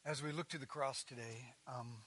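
A man preaching a sermon as a pastor, delivering it with passion and building up to near-shouting on emphatic passages. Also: medium pitch, steady tone, moderate pace, breathy edge.

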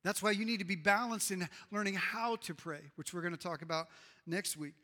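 A middle-aged male pastor preaching a sermon in a church, swinging from loud emphasis to hushed tones. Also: sits high, a little fast. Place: church sanctuary. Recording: reverberant hall.

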